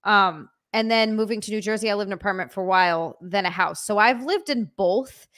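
Fast-talking woman from Hawaii. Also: mid-range voice. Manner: chatty, relaxed, with fillers. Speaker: podcast guest. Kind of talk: casual chat.

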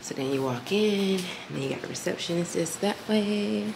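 A low-pitched woman talks frankly to her viewers in a relaxed vlog, swearing freely and calling them y'all. Her voice carries a gravelly fry, and a faint hiss sits behind it in a hotel room. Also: normal speed. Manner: chatty, frank and profane, addresses viewers as y'all and friend. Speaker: vlogger. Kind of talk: casual vlog chat to camera.

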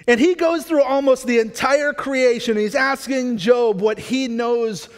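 Male pastor, lively casual preaching, higher voice, church hall echo. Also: measured pace, hardly any pauses. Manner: energetic, conversational, frequent restarts. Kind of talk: sermon. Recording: long church hall reverb.

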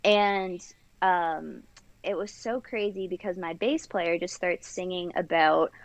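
Gravelly low-voiced woman singer. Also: fairly even intonation, slow pace, dry recording. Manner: enthusiastic storyteller, gushing. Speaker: band singer, guest. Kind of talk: casual interview chat. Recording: dull lo-fi sound.

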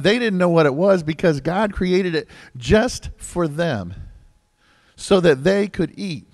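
A pastor preaches a sermon in a church sanctuary, conversational and joking, tossing asides to the congregation and swinging widely between loud emphasis and quiet remarks. There's no room sound.

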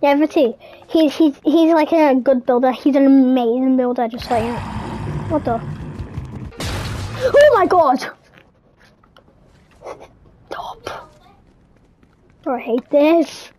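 A woman's voice: sits high, unhurried, long pauses, dark tone, slight background noise. A woman gamer giving casual commentary on a horror game, full of jumpy, startled exclamations.

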